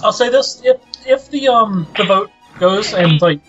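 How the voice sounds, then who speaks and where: A man with a notably high voice, chatting and joking with many restarts. The call audio is dull and lo-fi, with faint music underneath. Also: expressive, unhurried, fairly bright tone. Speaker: tabletop game player. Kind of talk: casual chat on a voice call.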